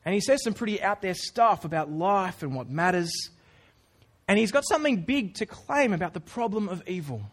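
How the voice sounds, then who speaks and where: Male preacher, high voice, earnest, chatty sermon delivery. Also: animated, normal speed. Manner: casual, earnest, with informal asides. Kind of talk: conversational sermon.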